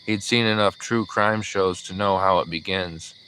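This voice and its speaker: A man narrating an audiobook in a measured, even storytelling manner. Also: low voice, low-quality recording. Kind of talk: scripted narration.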